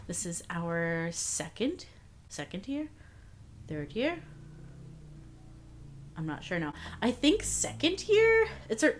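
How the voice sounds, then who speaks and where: A young adult woman chatting casually about books at home, with many fillers and small laughs. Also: mid-range voice. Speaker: book vlogger. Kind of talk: casual book review chat.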